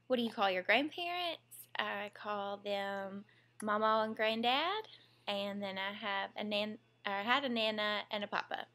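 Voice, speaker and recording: Chatty Southern young mom. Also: female voice, medium pitch, a bit bright. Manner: chatty and giggly, drawling asides. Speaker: mom vlogger, former teacher. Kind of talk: casual home vlog, reading a word list.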